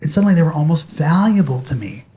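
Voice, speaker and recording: A man's voice: a little high, very animated, fast talker, dark tone. A young man speaking animatedly to an audience, telling a personal story in a motivational talk.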